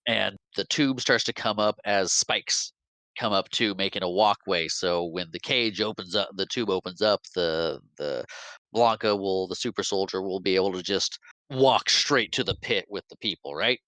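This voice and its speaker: Podcast host type, lively movie recapper, bright crisp voice, low-ish, dry close mic. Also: male voice, no room sound, low-quality recording. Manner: animated retelling with quick character quotes and laughs.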